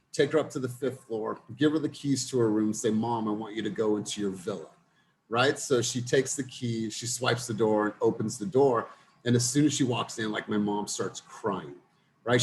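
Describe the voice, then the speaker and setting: A young man leads a group coaching call and tells his personal story in an earnest, direct way. His voice sits in a middle pitch. A faint hum of noise runs behind him.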